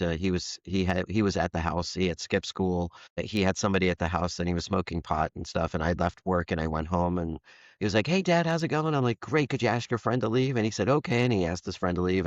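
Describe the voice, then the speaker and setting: A man's voice: low voice, dry recording, lo-fi sound. A man in his fifties, a foster parent, telling a candid personal story in an interview and acting out the dialogue. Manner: earnest, candid, acts out quoted dialogue.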